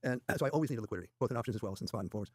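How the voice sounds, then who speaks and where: A man as the guest trader in an interview, telling stories quickly and quoting other people's dialogue as he goes. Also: medium pitch, darkish tone, slightly rough, no room sound, clean studio sound. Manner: rapid anecdotal retelling with quoted dialogue. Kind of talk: interview storytelling.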